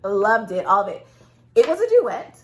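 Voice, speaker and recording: A woman's voice: medium pitch, very animated, normal speed. A woman co-hosting a casual chat about audiobooks, enthusiastic and gushing, laughing often. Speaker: podcast co-host.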